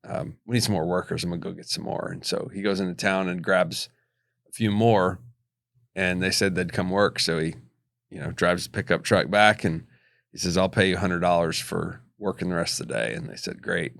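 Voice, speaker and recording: A man co-hosting a casual faith podcast, retelling a story haltingly with many restarts. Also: deep voice, gravelly, a bit bright, no echo, clean studio sound. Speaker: podcast co-host.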